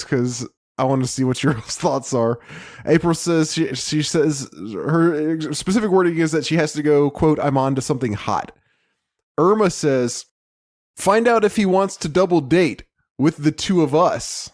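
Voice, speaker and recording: A man's voice: on the high side, a little mellow, dry recording, clean studio sound. A man co-hosting a podcast, chatting casually, posing curious questions and laughing easily. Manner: inquisitive, quick to laugh. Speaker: podcast co-host. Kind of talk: casual chat.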